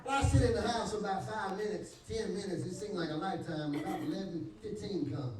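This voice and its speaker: A man's voice: high voice, a little fast. A man with a North Carolina Southern accent, a pastor giving his testimony in folksy storytelling style, acting out the dialogue. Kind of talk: testimony preached to a congregation. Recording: echoey church hall, distant mic.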